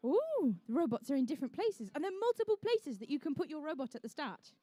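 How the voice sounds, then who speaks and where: A young woman emcees a live competition at an indoor conference venue, her high, sing-song, mellow voice moving at a quick pace in a dry recording. She calls the action and keeps up jokey, chatty banter with the teams.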